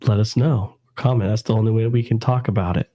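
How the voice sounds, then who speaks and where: A slightly hoarse man with a cold, co-hosting a paranormal live stream in an easygoing, self-deprecating way. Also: on the low side, fairly even intonation, brisk, mellow. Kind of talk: casual live-stream chat.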